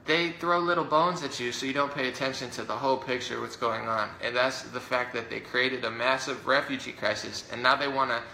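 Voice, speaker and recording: A man speaks in a gravelly, sharply bright and forceful voice as he rants against his political opponents. He talks indignantly and quickly, piling up fillers and mocking the other side. The room around him is roomy and echoey. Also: medium pitch, a little hiss or hum. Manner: rapid, indignant, mocks opponents in put-on voices. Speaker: political commentator. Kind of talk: heated political rant to camera. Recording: roomy echo.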